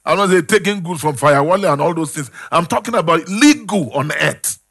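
A man preaching a sermon, calling out questions to the congregation and swinging between loud and hushed. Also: on the high side, animated, fairly quick, slightly rough. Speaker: pastor.

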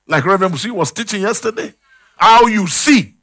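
A man preaching a sermon, calling out questions to the congregation and swinging between loud and hushed. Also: high voice, lively intonation, a little fast. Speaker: pastor.

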